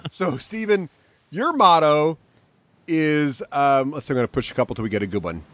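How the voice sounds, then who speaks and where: A man's voice: on the high side, expressive, moderate pace, a bit bright, no room sound, muffled recording. A man hosting a podcast and running an improv role-play game, enthusiastic and laughing as he thinks aloud. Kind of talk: casual podcast chat.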